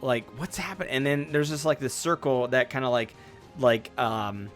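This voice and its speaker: Game master of a tabletop game, rambling and giggly, mid pitch, faint music behind. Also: moderate pace. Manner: rambling, filler-heavy narration with laughs. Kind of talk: tabletop role-play session.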